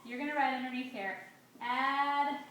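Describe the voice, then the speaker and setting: A woman teacher gives a grammar lesson in a bright, fairly high voice, leaning hard on key words and drawing them out. She is recorded from some distance in a very echoey classroom with faint background noise. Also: lo-fi sound. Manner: emphatic, drawn-out stresses on key words. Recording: echoey room, mic at a distance.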